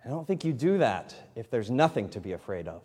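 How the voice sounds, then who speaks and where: A man's voice: medium pitch, big pitch swings, a little fast, dark tone. A man in his thirties preaching a sermon in a conversational way, building to emphatic, rising lines. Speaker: pastor. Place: church sanctuary. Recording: long hall reverb in church.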